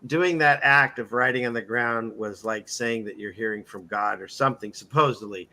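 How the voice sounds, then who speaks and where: A man's voice: medium pitch, normal speed, bright, forceful tone. A man hosting a casual interview, telling long rambling stories and acting out the people he quotes. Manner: rambling storyteller, acts out quotes in voices. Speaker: podcast host.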